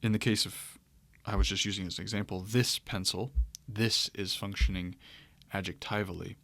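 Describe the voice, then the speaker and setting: Low, gravelly male teacher. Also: moderate pace, dry recording. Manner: relaxed, thinking aloud with fillers and restarts. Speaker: Greek teacher. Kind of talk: lecture.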